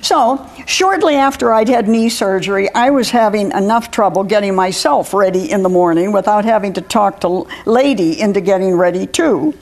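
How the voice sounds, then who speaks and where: A woman's voice: medium pitch, moderate pace, hardly any pauses, a little mellow. A woman author reading her own personal story aloud, with wry humor and frequent laughter.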